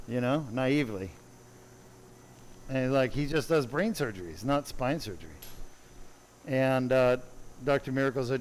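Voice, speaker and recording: A man's voice: mid-range voice, normal speed, a little hiss or hum, low-quality recording. Chatty male neurosurgeon telling a story. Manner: conversational, digressive, with asides. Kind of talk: storytelling on a livestream.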